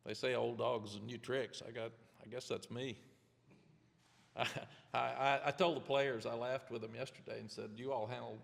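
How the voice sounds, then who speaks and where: A man in his seventies, a head coach answering press questions candidly, rambling with restarts in a gravelly voice. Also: mid-range voice, steady tone, normal speed, big-room sound. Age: 70s. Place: press conference room.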